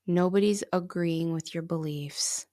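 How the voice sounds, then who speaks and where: A woman co-hosting a casual spiritual podcast, talking in a reflective, gently reassuring way and laughing easily. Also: lowish voice, steady tone, unhurried. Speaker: podcast co-host.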